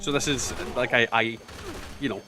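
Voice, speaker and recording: A man's voice: mid-range voice, steady tone, normal speed. Scottish guy streaming a game, chatty and sweary, bit of game noise in the background. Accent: Scottish, toned down. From Scotland. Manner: chatty, swears, jokey asides. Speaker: gaming streamer. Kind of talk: casual chat while playing a game.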